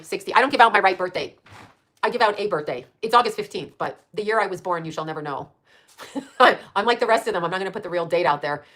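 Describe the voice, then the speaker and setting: Woman near sixty, channel host; rapid-fire, foul-mouthed, combative rambling with a laugh in it. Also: medium pitch, fairly bright tone. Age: late 50s. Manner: blunt, profane, combative; quick, rambling, laughs at her own jabs. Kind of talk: casual live-stream rant.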